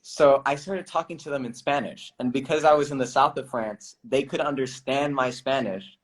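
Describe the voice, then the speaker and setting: A young man, an actor guest, chatting loosely on a livestream, laughing often and pausing with fillers. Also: medium pitch. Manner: relaxed, laughs often, many fillers and restarts. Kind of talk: casual livestream interview.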